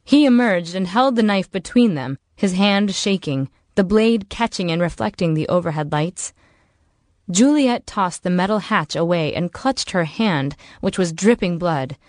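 A woman narrates a novel for an audiobook. Her delivery is measured and even, in a slightly low voice. The sound is dry and close to the mic. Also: dry recording. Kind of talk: scripted narration.

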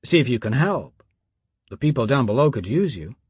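A determined young woman, firm and urgent, in a raised and slightly lifted voice, as a male narrator puts her on. The voice is somewhat husky. It is recorded close and dry. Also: medium pitch, big pitch swings, normal speed, no echo. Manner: firm, urging.

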